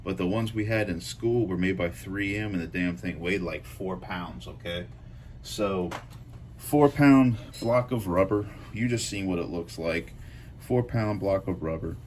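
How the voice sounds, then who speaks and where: Man with a very low voice, casual and profane knife-channel storyteller who rambles. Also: fairly even intonation, normal speed, slight background noise. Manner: loose, profane, rambling with frequent fillers.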